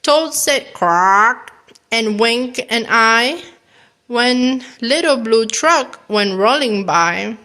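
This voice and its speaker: Slow, gentle woman reading to kids. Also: on the high side. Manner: gentle, animated reading with animal sounds. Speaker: children's storyteller. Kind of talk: children's picture book read-aloud.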